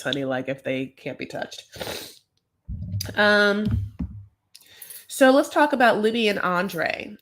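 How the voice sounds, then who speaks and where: A woman's voice: fairly low pitch, fairly bright tone. An American woman hosting a casual recap, talking in a chatty, gossipy, sassy way. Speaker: host. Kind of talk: casual reality-show recap.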